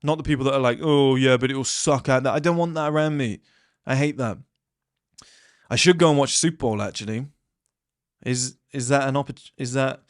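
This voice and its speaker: A man's voice: mid-range voice, no room sound, studio quality. Blunt man rambling to camera. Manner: blunt, rambling, swears freely. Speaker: self-improvement vlogger. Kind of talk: casual monologue to camera.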